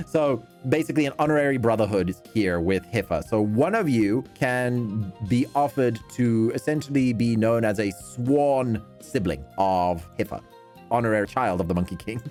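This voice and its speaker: A man narrating as game master of a tabletop game, lively and quick to laugh, with frequent restarts. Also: medium pitch, faint music behind.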